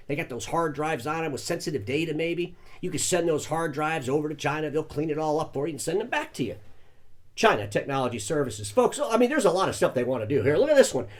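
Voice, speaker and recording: An older man delivers a satirical news monologue with folksy, mock-earnest asides. His voice sits a little high for a man and swings widely up and down as he talks.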